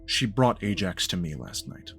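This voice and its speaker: A man voicing a cold, formal male vampire elder who speaks in measured, grave sentences. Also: low voice, very animated, gravelly, a bit bright, slight background noise, heavily acted. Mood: stern.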